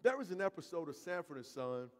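A man preaching a sermon as pastor, emphatic and slow in places, repeating phrases and calling out to the congregation. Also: on the high side, sing-song, big-room sound. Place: church sanctuary.

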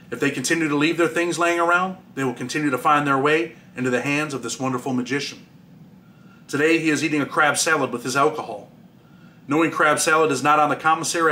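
A man's voice: on the high side, sharp tone, a little hiss or hum. A man, the author, reading his own memoir aloud in a plain storytelling way with dry asides.

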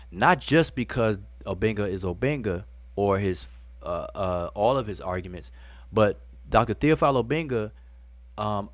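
A man's voice: lowish voice, no echo. A man hosting a live video show, talking casually to his viewers and breaking into fits of laughter. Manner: informal, addresses viewers as y'all. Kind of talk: casual live-stream commentary.

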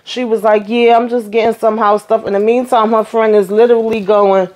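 A woman's voice: a little high, fairly quick. Sassy woman recapping reality TV. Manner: sassy, animated retelling with quoted voices. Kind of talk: casual recap commentary.

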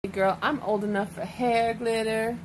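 A woman's voice: fairly high pitch, fairly even intonation, normal speed, background noise. A young woman in casual chat with her toddler, coaxing and praising her in sing-song baby talk. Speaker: mother filming her toddler. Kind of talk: casual home vlog.

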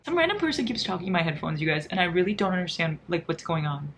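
A woman's voice: lowish voice, animated, fast talker, a little hiss or hum. A young woman in her twenties from the United States, chatting casually in a reading vlog with giddy, dramatic reactions and lots of laughter. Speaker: book vlogger.

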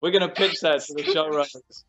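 A man's voice: fairly high pitch, fairly even intonation, brisk, a bit bright, soft background music. A British man being interviewed as an actor, chatting casually and joking, laughing easily.

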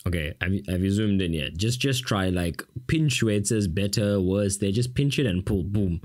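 A South African man with a fairly low voice talks through an exam question in a relaxed, casual way. He keeps breaking off for dry, sarcastic jokes aimed at the viewer. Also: moderate pace, few pauses. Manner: sarcastic, jokey asides to the viewer. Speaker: tutor. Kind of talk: casual exam-prep lesson.

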